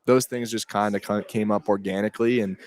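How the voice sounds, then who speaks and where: A young man from Connecticut, a college quarterback, giving relaxed interview answers with frequent laughs. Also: fairly low pitch, brisk. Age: young adult. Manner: easygoing, laughs often, restarts.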